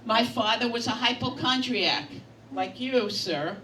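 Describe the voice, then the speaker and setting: A woman's voice: fairly high pitch, lively intonation, measured pace. Brash older New woman comedian. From Brooklyn, New York. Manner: brash, bawdy storytelling with punchlines. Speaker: stand-up comedian. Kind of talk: stand-up comedy set. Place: bistro bar comedy night. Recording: echoey, distant, noisy bar room.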